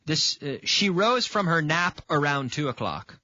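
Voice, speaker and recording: A man's voice: fairly high pitch, big pitch swings, a little slow, pushed and bright, no room sound, dull audio. A man from Canada teaching an English grammar lesson on video. He repeats example sentences and checks in with the viewer by asking "okay?".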